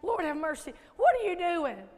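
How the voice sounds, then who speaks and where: A Southern American woman preacher voicing the taunting voice of the enemy, firing off quick put-downs in an echoey church. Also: very high-pitched, sing-song, voice pushed up. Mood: mocking. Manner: mocking, rapid put-downs. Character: taunting voice of the enemy, sneering and spiteful.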